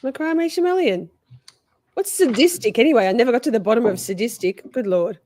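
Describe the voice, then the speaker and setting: A woman's voice: fairly high pitch, expressive, fast talker, a little mellow. A woman hosting a livestream, chatting casually with her viewers in a playful, mock-offended way and laughing often. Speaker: livestream host commenting on a trial. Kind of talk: casual chat to a live chat.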